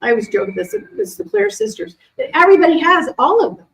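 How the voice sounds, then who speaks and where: A middle-aged woman, an animal communicator, chatting casually to a live audience and answering questions in a lively, animated way. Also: extremely high pitch, fast talker, gravelly, low-quality recording. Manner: chatty, animated, acts out quoted voices. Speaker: animal communicator and intuition teacher.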